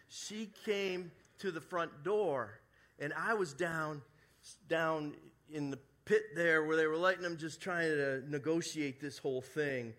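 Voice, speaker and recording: A middle-aged man preaches a sermon, spinning a personal story with humor and asides. His voice is bright and forceful, sitting a little high for a man. He speaks to a church congregation. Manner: storytelling, animated, jokey asides. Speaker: pastor. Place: church service before a congregation.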